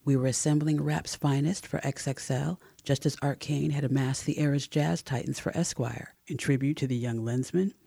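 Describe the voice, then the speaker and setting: A man narrating a first-person memoir in an expressive audiobook reading, close to the mic. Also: medium pitch, moderate pace, creaky, hardly any pauses, no echo.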